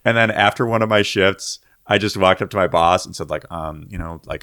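A man's voice: sits low, fairly quick, fairly bright tone, no echo, studio quality. A young man chatting casually on a podcast, rambling with lots of fillers. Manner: rambling, filler-heavy storytelling.

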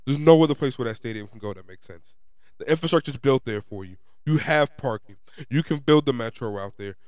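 A young man from New York, his New York accent coming through as he rants. He talks in an emphatic, profane, fed-up way, like a fan vlogger venting. His voice is smooth and resonant, recorded dry and close. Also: mid-range voice, no echo. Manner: frustrated, profane, emphatic ranting. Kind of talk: ranting fan commentary.

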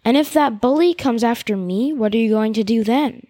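A woman's voice: fairly high pitch, moderate pace, mellow, dry recording, lightly acted. A woman voicing a defiant young woman villager, heated and pleading. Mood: angry.

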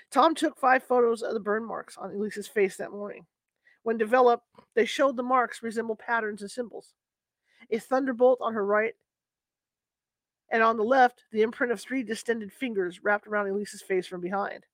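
A woman with a fairly high, steady voice reads a book aloud at a moderate pace in a casual, unpolished way. She's informal, pausing mid-reading to correct herself and apologize, and the recording is dry.

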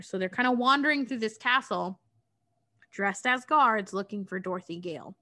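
A woman chats her way through a story recap, loose and profane. Her voice is bright and crisp. She pads her sentences with casual fillers. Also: mid-range voice, a little fast. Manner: chatty, profane, filler-heavy.

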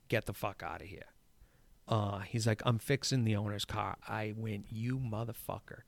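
A man telling a story in casual conversation. He swears often and acts out the lines he shouted. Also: medium pitch, no echo. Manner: profane, animated, acts out shouted quotes. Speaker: golf course superintendent.

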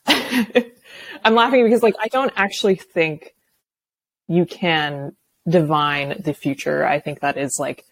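A young woman with a notably low-pitched voice chats casually as a podcast guest. She laughs often and fills her sentences with loose fillers. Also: dry recording. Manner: chatty, laughs often, many filler likes. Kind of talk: casual chat.

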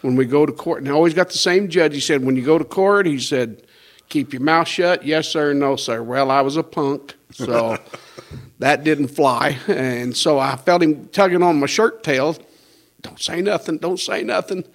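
A man's voice: fairly high pitch, moderate pace. Folksy older pastor telling his testimony. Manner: storytelling with quoted dialogue and chuckles. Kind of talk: conversational personal testimony.

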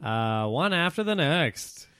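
A man co-hosting a comedy podcast, narrating an improvised scene in a dry, deadpan way. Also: fairly high pitch, slow, clean tone, no room sound.

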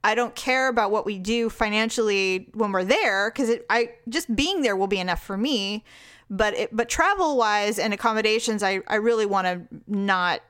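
A woman's voice: mid-range voice, moderate pace, fairly bright tone, smooth, no echo, studio quality. A woman in her late forties, chatting casually and laughing often, self-mocking and talkative. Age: 40s. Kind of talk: casual chat.

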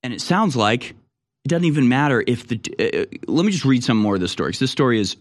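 A man's voice: mid-range voice, lively intonation, brisk. Man, talk show host, political commentary, indignant, mocking. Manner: indignant, mocking, puts on voices for people he quotes. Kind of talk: commentary, reading and reacting to news.

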